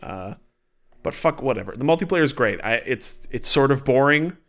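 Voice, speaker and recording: A man's voice: medium pitch, animated, normal speed. A man co-hosting a podcast in casual, rambling chat, opinionated and sweary. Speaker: podcast co-host.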